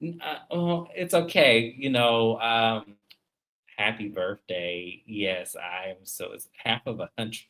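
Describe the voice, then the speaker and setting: Animated man in his thirties, bright voice. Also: lowish voice, slow. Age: 30s. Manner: animated, emphatic, talks straight to viewers. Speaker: livestream host. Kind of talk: casual livestream commentary.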